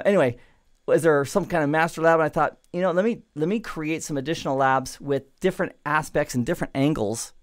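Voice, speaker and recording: A middle-aged man giving a relaxed, chatty networking lesson over a screen recording, with playful digressions. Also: medium pitch. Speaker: network instructor. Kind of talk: screen-recorded tech tutorial.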